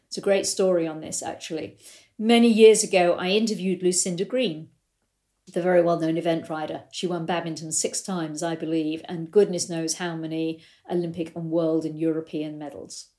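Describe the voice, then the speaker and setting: A middle-aged woman with a mellow, warm tone talks through her coaching ideas as a riding coach. She tells stories as she goes and acts out the back-and-forth of conversations she quotes. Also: on the low side, fairly even intonation, normal speed. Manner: storytelling, acts out quoted exchanges. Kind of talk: explanatory talk with anecdotes.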